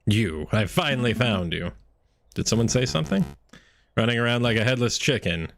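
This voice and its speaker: A man's voice: medium pitch, expressive, normal speed, creaky, fairly bright tone. A man doing a cold taunting game assassin. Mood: menacing. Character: menacing shadowy male assassin, cold and threatening.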